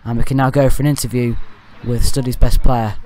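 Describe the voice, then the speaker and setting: A man talks over match footage in a loose, chatty commentary style. He drifts into jokey asides and corrects himself as he goes, at an ordinary mid-range pitch. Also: little pitch movement, a little fast, a little mellow. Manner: rambling and jokey, with off-topic asides and self-corrections. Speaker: fan channel match commentator.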